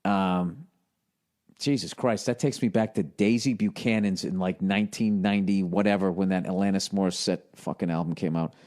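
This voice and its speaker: A man's voice: low voice, fairly even intonation, normal speed, a little mellow. Man in his forties, podcast host, blunt, sarcastic, swears freely, casual comic delivery. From United States. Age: 40s. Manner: profane, blunt, sarcastic advice. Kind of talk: casual comedic podcast monologue.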